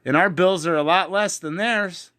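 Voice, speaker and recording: A man's voice: sits high, normal speed, pushed and bright. A man teaching from the Bible in an online video, heated and emphatic, with frequent fillers. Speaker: preacher.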